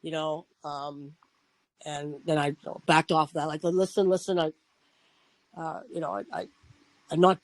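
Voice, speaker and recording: A man's voice: on the high side, level tone, normal speed, no room sound, rough recording. A man hosting a talk show, telling a personal story in a rambling, casual way with frequent restarts and swearing. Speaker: podcast host.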